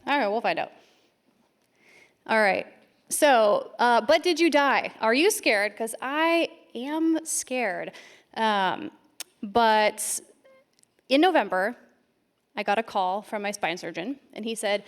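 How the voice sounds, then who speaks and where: A woman's voice: fairly high pitch, expressive. Nervous woman giving a lightning talk. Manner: nervous, self-deprecating, quick storytelling. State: shaky voice from nerves. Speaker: conference speaker. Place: conference stage.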